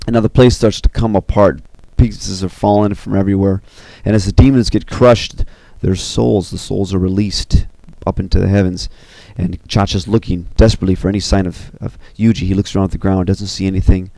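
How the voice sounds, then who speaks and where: A man casually recounting the scenes of an animated film, animated and full of "you know" and "uh". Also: sits low, fairly quick, vocal fry, hardly any pauses, dry recording. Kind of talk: casual retelling.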